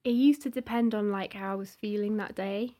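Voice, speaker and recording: A woman's voice: medium pitch, steady tone, fairly quick, warm tone. A young woman from Cheshire, a guest musician chatting casually, giggly and self-deprecating, full of "like". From Cheshire, England. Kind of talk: casual interview chat.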